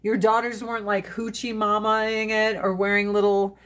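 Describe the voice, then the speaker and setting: A woman's voice: mid-range voice, level tone, normal speed, fairly bright tone. A woman in her forties chatting on a live stream, swearing freely, laughing often and mimicking her family in funny voices. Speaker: livestream host. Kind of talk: casual chat on a live stream. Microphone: phone.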